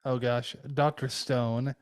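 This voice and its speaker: A man in a casual chat, often pausing with ums as he searches for words. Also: medium pitch, flat delivery, clear, resonant tone, dry recording. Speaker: podcast guest.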